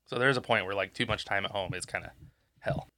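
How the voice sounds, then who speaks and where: A man's voice: fairly low pitch, fast talker, bright, forceful tone. A man co-hosting a podcast while sick and congested, rambling and swearing through casual chat and losing his train of thought. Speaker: podcast co-host. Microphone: podcast microphone.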